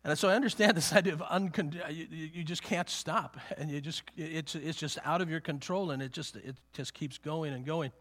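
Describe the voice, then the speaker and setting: A man preaching in a church with a voice pitched a little above the usual for men. He talks haltingly, repeating his words and breaking into small chuckles as he tells a personal story in a sermon. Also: fairly bright tone. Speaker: pastor.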